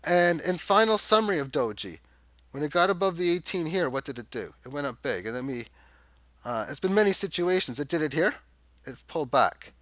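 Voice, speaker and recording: A man's voice: fairly high pitch, expressive, fairly quick, fairly bright tone, no room sound. A man giving a rambling, casual chart walkthrough, thinking aloud with fillers and restarts. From Canada. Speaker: crypto chart analyst.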